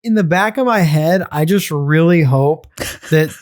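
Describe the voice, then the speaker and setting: A man's voice: fairly high pitch, measured pace, a little hiss or hum. A young man co-hosting a podcast in casual comedic chat, laughing often and swearing loosely. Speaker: podcast co-host.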